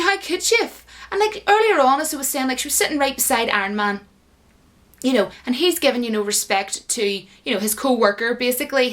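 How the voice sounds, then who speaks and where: A woman's voice: on the high side, a bit bright. A woman giving a casual, indignant and sarcastic rant as a commentator, full of fillers. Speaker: YouTube commentator.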